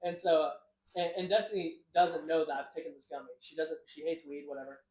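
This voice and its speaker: A young man with a fairly high voice tells loose, rambling stories and keeps laughing through them. He acts out what people said as he goes. The room around him is echoey. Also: fairly even intonation, a little fast, a little mellow. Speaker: podcast co-host. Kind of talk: casual storytelling.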